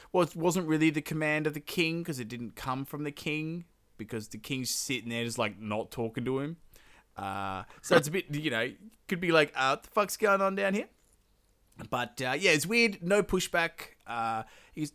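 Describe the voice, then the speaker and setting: Man, podcast host, sweary comic retelling, lively pitch. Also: smooth. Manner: sweary, laughing, bursts into high silly character voices. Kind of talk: casual comedic storytelling.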